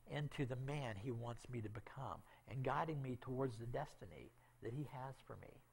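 A middle-aged man shares a heartfelt missionary testimony from the pulpit. His voice has a gravelly edge, and he keeps checking in with the congregation as he tells the story. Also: mid-range voice. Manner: emotional storytelling with frequent "okay?" asides. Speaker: missionary speaker. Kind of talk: testimony in a church talk.

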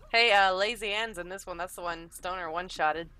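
A woman's voice: lowish voice, pushed and bright. Giggly woman streaming a game. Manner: chatty, giggly, swears casually. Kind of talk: casual gaming chat.

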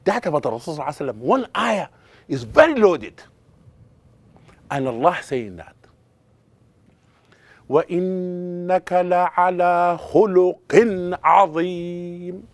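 A man's voice: on the high side, big pitch swings, quick pace, long pauses, husky, no echo. A middle-aged man, an imam, teaching a class on Quran recitation, quizzing his students and breaking into chanted verses. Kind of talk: lively classroom lesson.

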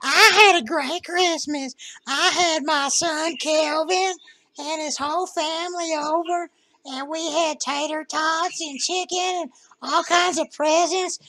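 A woman playing a slow, sweet-talking old lady. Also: extremely high pitch, steady tone, bright, forceful tone, dry recording, heavily acted. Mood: chatty sweet. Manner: drawling, calls him sweetheart and honey. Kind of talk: prank phone call role-play.

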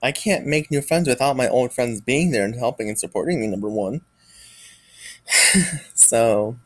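A man on the verge of tears pours out a personal vlog confession, halting and hesitant, his sentences often trailing off. His voice sits at a middling pitch, and the sound is dry and close, with no room around it. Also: darkish tone, dry recording, rough recording. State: near tears. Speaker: vlogger.

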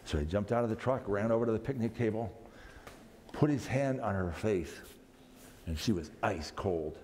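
A man's voice: lowish voice, normal speed, a little mellow. A man speaking at a camp meeting, telling a story dramatically for family worship, often restarting his phrases. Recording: long hall reverb, faint background noise.

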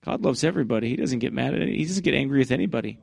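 Man, fervent sermon, middle pitch, dry sound, loud high bursts. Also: animated, racing, gravelly, breathy edge, no echo. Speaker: preacher. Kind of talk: fiery Baptist sermon.

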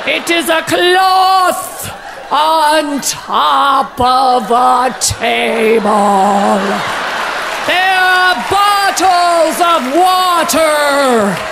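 A woman doing an impression of an elderly woman poet with a grandiose, extremely slow and solemn cadence. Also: high voice, animated, creaky, a crowd in the background, noisy background, exaggerated voice. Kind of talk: stand-up impression.

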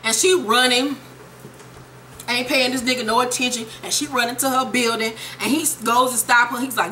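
A young woman recapping a TV episode in a casual vlog, sassy, profane and animated. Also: fairly high pitch, normal speed, a little hiss or hum, rough recording. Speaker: TV show reviewer.

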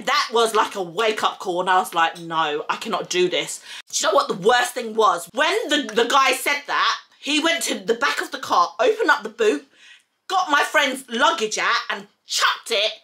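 Bright-voiced young woman telling a story. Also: fairly high pitch, fairly quick. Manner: animated, acts out quotes, swears. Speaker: vlogger telling her story. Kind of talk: casual storytime chat.

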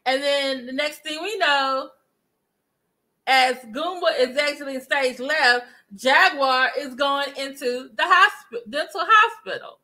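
High bright-voiced woman vlogger. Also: takes it slowly. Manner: chatty, addresses viewers directly, animated retelling. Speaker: commentary vlogger. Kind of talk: casual gossip commentary.

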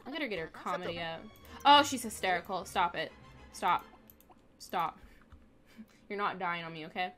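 A woman's voice: on the low side, moderate pace, long pauses, a bit bright, soft background music. A young woman hosting a gaming video, casually commenting on her play and scolding the game characters as she goes. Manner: chatty, talks back at the game characters.

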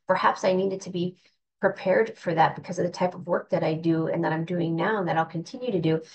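A spiritual teacher gives an earnest, reflective talk in a relaxed, conversational manner, frequently restarting her sentences. Her voice is fairly low, and the rough recording carries slight background noise.

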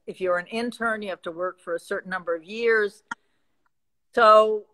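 A woman with a Midwestern accent speaking reflectively as a guest in a live chat, pausing and restarting as she thinks. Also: medium pitch, sharp tone, rough recording. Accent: American Midwestern.

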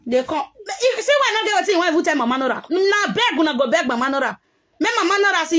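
A woman's voice: sits high, lively intonation, fast, a bit bright. A Nigerian woman ranting heatedly on a live video, scolding and mixing pidgin with a local language, recorded on a phone.

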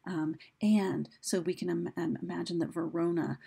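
A woman's voice: fairly low pitch, steady tone, moderate pace, vocal fry, dark tone, slightly rough. A woman teacher giving a recorded lesson, explaining casually with fillers and restarts, and reading quoted lines with dramatic emphasis.

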